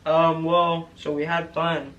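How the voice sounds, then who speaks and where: A man's voice: fairly high pitch, flat delivery, slow, recorded from a distance, muffled recording. A young man answering couples questions in a casual chat, hesitant and full of "um"s. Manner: hesitant, many "um"s, soft-spoken. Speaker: boyfriend, co-host.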